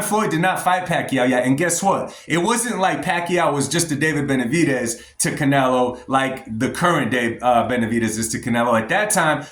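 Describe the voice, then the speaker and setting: A man's voice: a little high, fairly bright tone. A man giving blunt, emphatic opinions in a commentary vlog, talking straight to his viewers. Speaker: boxing vlogger. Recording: roomy echo.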